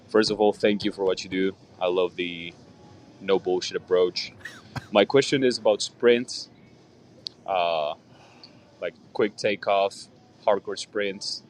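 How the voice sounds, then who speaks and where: A man's voice: low voice, slow, pauses often, slight background noise. A man calling into a podcast, joking briefly, then asking a long, earnest question with many fillers. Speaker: caller. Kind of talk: recorded call-in question.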